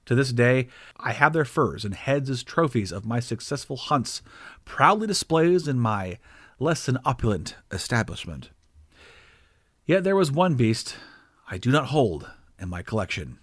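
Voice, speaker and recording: A man's voice: medium pitch, big pitch swings, normal speed, fairly bright tone, dry recording, studio quality. Man narrating a wry short story. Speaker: author narrating his own story.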